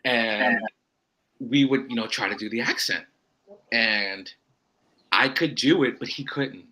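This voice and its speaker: A man from Florida, a wrestler guesting on a podcast, telling a rambling story full of quoted self-talk and quick asides. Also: mid-range voice, bright, forceful tone, rough recording. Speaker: indie pro wrestler guest. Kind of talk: casual podcast chat.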